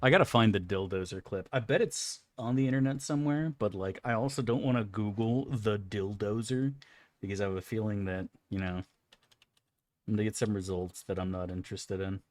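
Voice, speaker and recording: A man's voice: fairly low pitch, a little fast, no echo. A man streaming a game and chatting casually, joking around in a rambling, crude way. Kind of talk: casual gameplay commentary.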